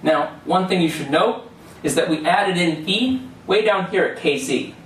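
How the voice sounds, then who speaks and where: In a lecture hall, a young male student gives a loose, step-by-step classroom presentation full of fillers and restarts. His voice sits high and a little slow, picked up from far off in an echoey room with a little hiss or hum.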